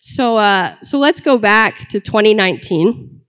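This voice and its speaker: A woman's voice: mid-range voice, expressive, measured pace, fairly bright tone, smooth. Young woman telling a comic story in a reverberant hall. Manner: conversational, comic, builds to punchlines. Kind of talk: personal story told to an audience.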